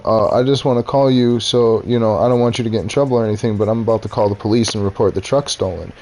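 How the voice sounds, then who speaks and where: A man's voice: mid-range voice, darkish tone. A young man telling a heated, profane story about a fight with his boss, acting out both sides of the argument. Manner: profane, heated retelling with quoted dialogue. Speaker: streamer. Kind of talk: casual storytelling rant.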